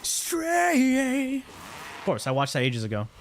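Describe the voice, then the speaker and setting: A man chatting on a live stream in a loose, rambling way, getting excited and blunt as he goes. His voice sits at an ordinary middle pitch. A faint hum runs underneath. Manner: rambling, excitable, quick opinions. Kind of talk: casual live-stream chat.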